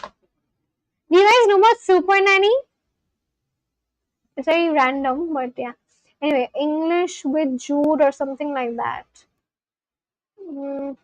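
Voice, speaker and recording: A woman chats casually on a livestream, rambling as she reads viewer comments aloud and answers them. Her high-pitched voice moves slowly with long pauses. The recording is low quality, with no room sound.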